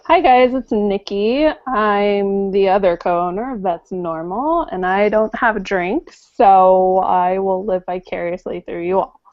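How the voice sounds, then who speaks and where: A woman's voice: mid-range voice, a little slow, hardly any pauses, no room sound. A woman co-hosting a casual chat on a video call, quippy and stumbling over her words. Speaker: co-owner and co-host. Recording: muffled lo-fi call audio.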